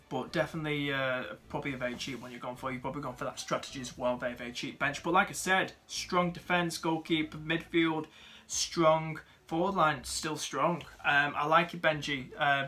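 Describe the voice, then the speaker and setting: A young man with a higher, sharp-toned voice rates viewers' fantasy football teams in a casual chat. He's upbeat and chatty, full of fillers and friendly asides, calling viewers "mate" and "dude."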